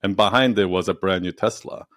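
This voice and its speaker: A man's voice: low voice, a little fast, no echo, studio quality. A man speaking as a guest in a casual interview, telling stories animatedly, acting out quotes and laughing often. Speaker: podcast guest, entrepreneur and storyteller.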